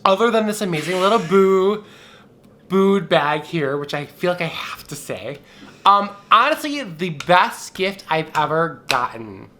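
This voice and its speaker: A young man with a bright, forward voice holds forth on camera during a drinking game. His talk is sassy, campy and irreverent. He sits in frame at home, with a faint hiss behind him. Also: high-pitched, big pitch swings, unhurried. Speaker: vlogger.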